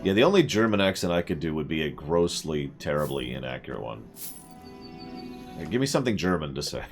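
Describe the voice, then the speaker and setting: A man's voice: a bass voice, very animated, fairly quick, music in the background. A man giving casual, rambling let's-play commentary on a game stream, often self-deprecating.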